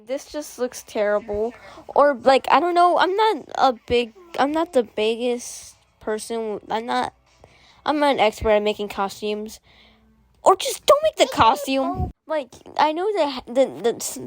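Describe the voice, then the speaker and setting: A woman's voice: a little high, no echo. A young woman vlogger giving rambling, sarcastic commentary, full of fillers and restarts. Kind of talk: casual commentary.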